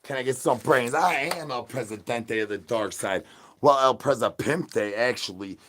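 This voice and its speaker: A young man rambling through goofy, nonsensical livestream banter full of slang, swinging between loud hype and low mumbling. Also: normal speed, a little hiss or hum. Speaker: streamer in costume.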